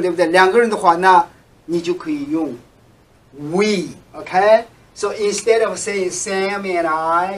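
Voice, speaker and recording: A man teaching English to Chinese speakers, repeating example sentences slowly and switching between English and Chinese. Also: sits high, a bit bright, distant mic, poor audio. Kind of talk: bilingual language lesson.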